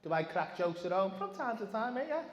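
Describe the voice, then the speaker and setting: A man's voice: high-pitched, big pitch swings, fairly quick, lo-fi sound. Cheeky Scouse man, echoey theatre. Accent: Liverpool. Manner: cheeky, sweary banter. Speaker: stand-up comedian. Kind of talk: crowd work and backstage chat. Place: large theatre stage. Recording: echoey hall with background noise.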